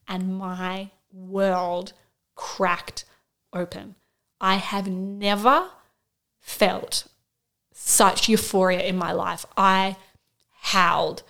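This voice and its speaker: A woman's voice: medium pitch, fairly bright tone. A woman in her thirties, a podcast co-host, candidly telling her birth story in casual chat and quoting herself with bursts of emotion.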